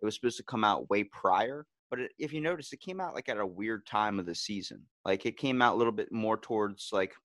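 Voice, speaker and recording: Excitable man, dry close sound. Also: lowish voice, brisk, hardly any pauses, no room sound. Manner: excitable, swears often, acts out quotes. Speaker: podcast co-host. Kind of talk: casual movie discussion.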